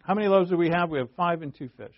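A man's voice: fairly high pitch, rapid-fire, dry recording, dull audio. A male preacher teaching a sermon verse by verse, in a conversational way that thinks aloud and asks rhetorical questions.

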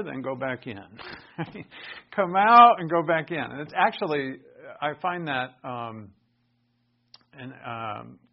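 A fairly high-voiced man preaching in a conversational teaching style, with bursts of raised emphasis. The recording sounds dull and lo-fi. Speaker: pastor. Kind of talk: sermon.

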